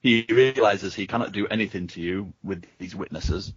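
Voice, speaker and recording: A man's voice: sits low, normal speed, breathy edge, no room sound, muffled recording. A man reading a gamebook aloud on a podcast, with casual asides.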